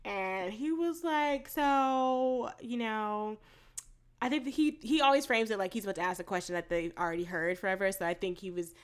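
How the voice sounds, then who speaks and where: A woman co-hosting a podcast, chatting casually and recapping a TV show with lively, profane storytelling and quoted asides. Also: medium pitch, normal speed, clear, resonant tone. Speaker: podcast co-host.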